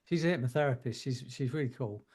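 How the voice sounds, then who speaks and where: A man's voice: mid-range voice, fast, husky. A man hosting a group coaching call, giving casual advice with jokes and frequent laughs. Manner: warm joking advice, laughs often.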